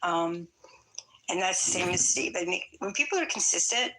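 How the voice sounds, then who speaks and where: A woman's voice: on the low side, lively intonation, moderate pace, bright, forceful tone, rough recording. A woman in a casual live chat, easygoing and conciliatory.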